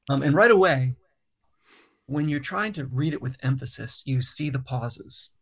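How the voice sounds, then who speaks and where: A man with a gravelly, creaky voice at an ordinary pitch, talking through his songwriting process in a relaxed interview. He explains things thoughtfully and step by step, pausing to find his words. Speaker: songwriter and guest. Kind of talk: casual interview talk.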